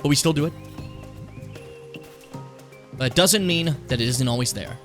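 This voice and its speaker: A young man casually commenting on his gameplay, rambling and swearing, with sudden high excited yelps. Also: normal speed. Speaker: streamer. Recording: game music playing behind the voice.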